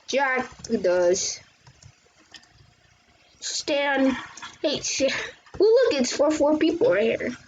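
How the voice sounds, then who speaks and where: A woman hosts her gameplay channel, chatting and exclaiming as she plays. Her voice sits fairly high and she talks at an unhurried pace. The recording is muffled and lo-fi, with a faint hiss underneath. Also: big pitch swings, a little mellow. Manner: chatty, exclaiming and reacting to the game. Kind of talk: casual gameplay commentary.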